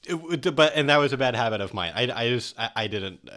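A man co-hosting a podcast in casual discussion, chatty and quick to laugh, with animated asides. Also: mid-range voice. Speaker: podcast co-host.

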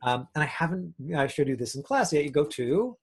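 A man's voice: fairly high pitch, big pitch swings, brisk, breathy edge. A man teaching an acting class over a video call, in a chatty way with lots of fillers. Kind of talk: casual online class talk.

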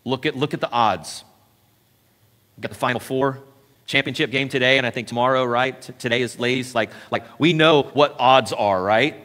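A man preaching a sermon as pastor, acting out the story with sudden swings from quiet to loud. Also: mid-range voice, normal speed. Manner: animated, acts out the story with dramatic shifts in loudness. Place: church sanctuary. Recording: church hall with long reverb.

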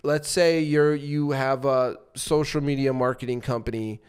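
Smooth-voiced man coaching on sales. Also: mid-range voice, fairly even intonation, measured pace, a little mellow. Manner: explains by acting out short examples; loose, with frequent fillers and restarts. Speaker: podcast co-host and sales coach. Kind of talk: casual instructional talk.

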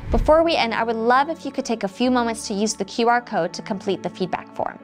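A woman trainer calmly narrating an instructional video for educators, in a measured, explanatory way. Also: on the high side, faint music behind. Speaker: restorative practices trainer for educators.

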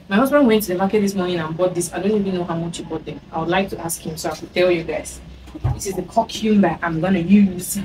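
A woman from Cameroon in her thirties, chatting bubbly and fast while she cooks at home for her vlog. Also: fairly low pitch, steady tone. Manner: bubbly and chatty, often bursting into song. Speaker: cooking vlogger. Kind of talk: casual cooking chat. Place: home kitchen. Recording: distant mic with clear background noise.

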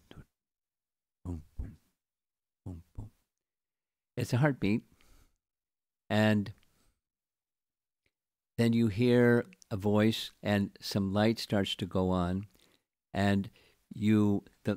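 A man giving a scripture lecture as a spiritual teacher, speaking in a halting way with frequent restarts and repeated words. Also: lowish voice, a little mellow, no room sound, studio quality.

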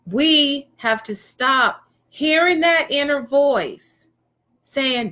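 A woman's voice: sits high, expressive, slow pace, fairly bright tone. A woman giving a motivational talk, emphatic and preachy, pressing her points with rhetorical questions. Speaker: motivational speaker.

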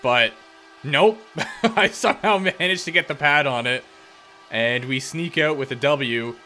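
Bright-voiced excitable male gamer. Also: a little high, measured pace, soft background music. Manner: excitable, joking play-by-play with sudden outbursts; talks to himself and the game, teasing opponents. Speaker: gaming YouTuber. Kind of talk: let's-play commentary.

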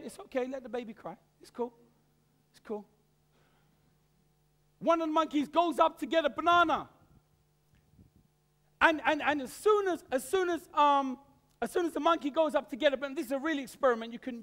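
A man's voice: very high-pitched, a bit bright. A man preaching a sermon, telling a story animatedly with stammered repeats of words.

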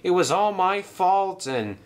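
A man voicing a young, cheerful male tank engine who talks in an earnest, excitable way. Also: high voice, slow, voice pushed up.

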